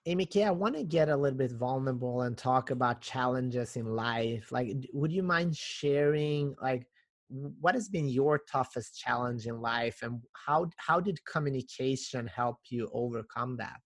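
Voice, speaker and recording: A man hosting a podcast interview. He affirms his guest and asks his questions in a slightly halting way. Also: mid-range voice. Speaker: podcast host.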